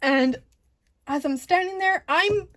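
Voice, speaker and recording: A young woman vlogger telling a convention story in a casual, excitable, giggly way, jittery from caffeine. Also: very high-pitched, takes it slowly, dry recording. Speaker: diamond painting vlogger.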